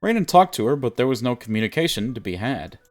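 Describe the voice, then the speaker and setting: A man's voice: mid-range voice, big pitch swings, fast talker, faint music behind. A man streaming a visual novel, reading the story aloud and chatting casually with viewers, laughing often.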